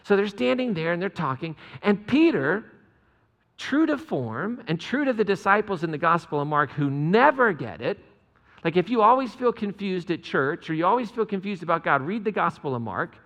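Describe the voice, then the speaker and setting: A man preaches a relaxed, joking sermon with a slightly high, gravelly voice. His talk carries a long reverb from the church sanctuary. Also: normal speed. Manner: humorous, chatty asides to the congregation. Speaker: pastor. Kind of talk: conversational sermon.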